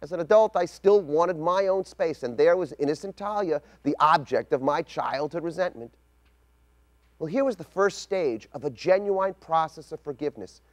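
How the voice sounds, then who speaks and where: A middle-aged man, speaking as a rabbi, delivers a scripted spoken essay built around a personal story. His manner is measured and reflective, and his voice sits a little high and sounds expressive.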